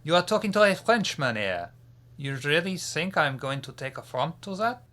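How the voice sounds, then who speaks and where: A man putting on a raspy hooded French vampire. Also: mid-range voice, unhurried, bright, forceful tone. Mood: courtly. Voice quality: raspy, put-on French accent. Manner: formal and gracious, ends remarks with a teasing "huh?". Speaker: game master. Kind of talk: live-streamed tabletop role-play.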